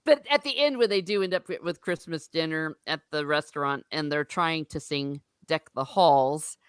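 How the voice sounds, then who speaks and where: A woman's voice: deep voice, moderate pace, smooth, no room sound, studio quality. A middle-aged woman hosting a podcast, chatting casually and retelling movie scenes with lots of laughter and acted-out lines. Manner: animated storytelling, frequent laughter, acts out movie lines. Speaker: podcast host. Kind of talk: casual chat.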